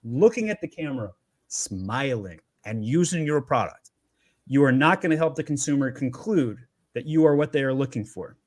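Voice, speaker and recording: A man who runs an agency gives energetic, emphatic selling advice in a webinar conversation, often repeating words as he starts. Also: mid-range voice, normal speed, no echo, studio quality. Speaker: agency founder sharing Amazon selling advice.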